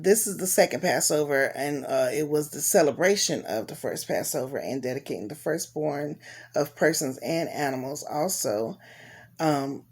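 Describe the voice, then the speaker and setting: A woman with a low, husky voice reads scripture at an unhurried pace and chats between passages. She is cold and a bit sleepy, relaxed, with plenty of "you know" and "y'all." Her tone is plain and friendly. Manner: relaxed, chatty, with fillers and Southern US colloquialisms. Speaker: Bible reading host. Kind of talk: casual Bible reading and recap.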